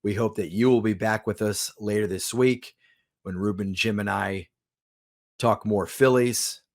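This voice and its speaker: A man's voice: lowish voice, steady tone, measured pace, a little mellow. A man, the podcast host, reading a scripted outro and sponsor plug in an upbeat, promotional manner. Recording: music bed underneath.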